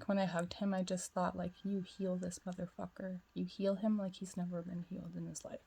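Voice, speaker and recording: Speaking fairly quickly and hardly pausing, this twin flame spiritual guide has a lowish, husky, creaky voice that's warm but flat in delivery. She vlogs with confidence, rambling through a long personal story full of "like."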